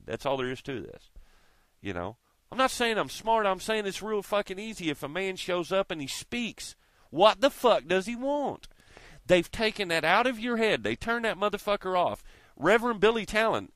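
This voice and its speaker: Guy ranting on his channel, high voice that swings all over, cusses nonstop, says stuff twice. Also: fairly bright tone, no room sound. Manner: emphatic, swears constantly, repeats himself. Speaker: video blogger. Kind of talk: profane ranting monologue.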